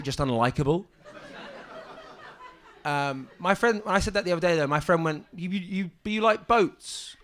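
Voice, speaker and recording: A young man doing a stand-up set on a club stage, with a halting deadpan delivery full of ums and restarts. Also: fairly high pitch. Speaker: stand-up comedian. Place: comedy club stage with audience. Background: audience laughter.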